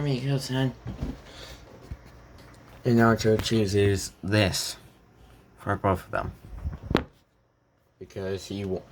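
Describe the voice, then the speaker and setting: A man with a lowish voice narrates a fan story off the cuff. He rambles, restarts, and links the scenes loosely. His delivery sounds like casual spoken storytelling, not a script. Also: slight background noise. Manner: rambling, repeats "goes like".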